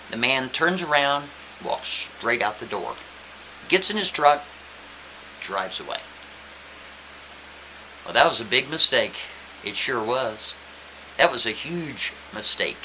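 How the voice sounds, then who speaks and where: A man telling a story in a casual, animated, emphatic way, repeating his points. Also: mid-range voice, measured pace, pauses often, poor audio. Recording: faint hiss.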